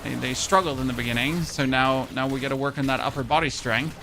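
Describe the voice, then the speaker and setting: A man's voice: medium pitch, fast, sharp tone, slight background noise. A man in his thirties with a German accent, chatting casually and joking with his chat while streaming a game. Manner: chatty, jokey, answers chat. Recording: music playing behind.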